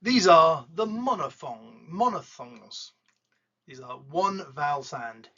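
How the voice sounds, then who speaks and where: Jokes sprinkle a playful English pronunciation lesson from a teacher with an English accent, who demonstrates sounds by exaggerating and drawing out the vowels. The voice is medium-pitched and sing-song at a normal speed, pushed and bright, on a muffled recording.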